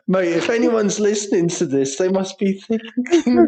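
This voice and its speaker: A man's voice: high-pitched, big pitch swings, takes it slowly, a little mellow, slight background noise. An Englishman with a crude, sweary way of talking, telling school stories in casual podcast banter and laughing through them. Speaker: podcast co-host.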